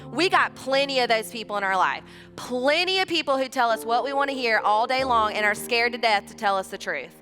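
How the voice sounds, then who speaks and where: A woman in her thirties preaches to a church, her voice bright and a touch high. She talks chattily and acts out short conversations. The sound rings through a large hall, with soft music behind. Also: brisk. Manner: chatty, animated, acts out dialogue. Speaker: church speaker. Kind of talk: sermon.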